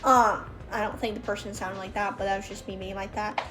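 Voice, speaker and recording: A woman's voice: mid-range voice, flat delivery, fast talker, soft background music. A young woman telling stories about working as a background extra, casual and chatty, full of fillers and quoted voices. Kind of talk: casual storytelling.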